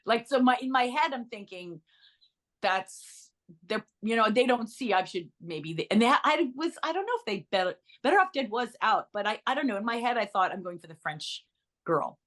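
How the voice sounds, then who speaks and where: A middle-aged woman, an actress being interviewed, telling anecdotes in a chatty, animated way, often restarting her sentences and adding asides. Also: fairly high pitch, normal speed. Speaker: actress guest.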